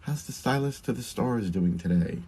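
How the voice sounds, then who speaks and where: Man, Long Island accent, drag performer, livestream makeup chat, chatty, laughs often, mid pitch. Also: lively intonation, normal speed, warm tone, husky. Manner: chatty, laughs often, answers viewer comments.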